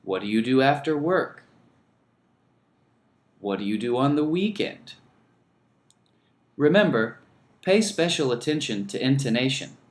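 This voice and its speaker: Slow, lively-voiced male English teacher. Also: medium pitch, echoey room. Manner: slow, deliberate, models phrases for repetition. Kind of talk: scripted lesson narration.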